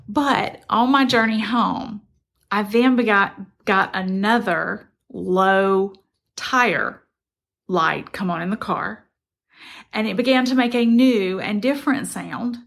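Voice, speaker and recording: A woman's voice: medium pitch, creaky, fairly bright tone. A middle-aged woman, earnestly telling a personal story in a reflective, conversational way. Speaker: motivational speaker.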